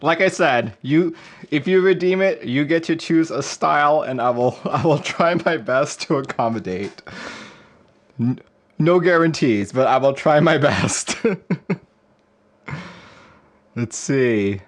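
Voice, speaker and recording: A man's voice: a little high, animated, slow, pauses often. A man hosting a casual livestream, rambling and chuckling as he reads viewer messages. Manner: rambling, chuckling, reading chat aloud. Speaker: livestream host. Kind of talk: casual live-stream chat.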